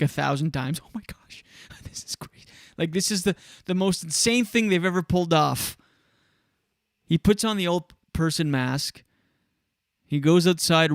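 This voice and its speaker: A man's voice: sits high, smooth, dry recording, studio quality. A male show host in casual solo talk, telling a story with energy and acting out the people in it. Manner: animated storytelling, acts out quotes.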